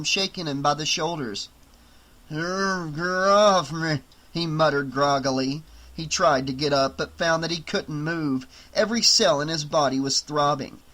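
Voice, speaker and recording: A man's voice: a little high, sharp tone. Man narrating an audiobook.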